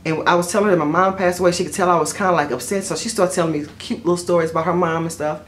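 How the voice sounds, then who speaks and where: A middle-aged woman, telling stories to camera in a chatty, expressive way and often saying "y'all.". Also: on the low side, racing, a little hiss or hum. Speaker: vlogger. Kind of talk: casual storytelling to camera.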